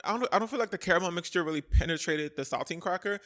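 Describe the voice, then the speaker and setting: High-voiced playful young man vlogging. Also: racing. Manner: animated, playful, slipping into comic voices. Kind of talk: casual vlog chat. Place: home kitchen.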